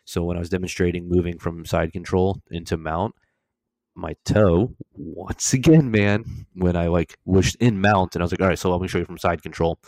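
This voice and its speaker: A man's voice: deep voice, fairly even intonation, normal speed, vocal fry, darkish tone, dry recording. A young man co-hosting a podcast, telling stories animatedly, swearing and laughing as he goes. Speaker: podcast co-host. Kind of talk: casual storytelling chat.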